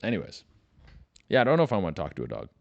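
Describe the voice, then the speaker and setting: A young man hosting a comedy podcast, ranting loosely with lots of swearing and quick put-on voices. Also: low voice, huge pitch swings, gravelly, dry recording, lo-fi sound. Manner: loose, profane, riffing with mock voices. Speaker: podcast host. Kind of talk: casual comedic rant.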